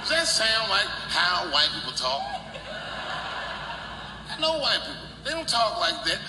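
A male stand-up comedian with a somewhat high, lively voice that swoops up and down as he talks. He is profane and animated, and the room gives him a long, echoing hall sound with music underneath. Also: moderate pace, pauses often, noisy background. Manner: profane, animated, swinging between loud and quiet. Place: live comedy venue. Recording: roomy hall reverb with music.

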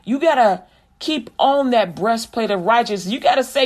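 A woman preacher delivering a sermon, mixing scripture recitation with animated, conversational talk. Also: a little high, normal speed.

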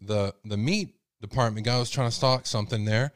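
A male host rambles through a folksy story in a casual monologue, with plenty of fillers. His voice sits at an ordinary pitch and sounds dry and close, with no room around it. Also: fairly quick, few pauses, no room sound.

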